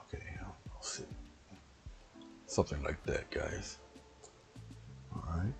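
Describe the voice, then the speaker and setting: Low gravelly man rambling through a painting demo. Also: animated, slow, in a whisper, faint music behind. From US East Coast. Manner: rambling, chatty, talks to himself while working. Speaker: painting instructor.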